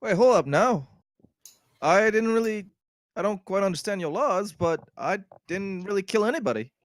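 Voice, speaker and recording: A man's voice: high voice, animated, normal speed, no room sound, studio quality, voice pushed up. A man doing a formal, courteous frog man. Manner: overly courteous with odd grammar and an accent put on. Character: polite, stiffly formal frog man adventurer.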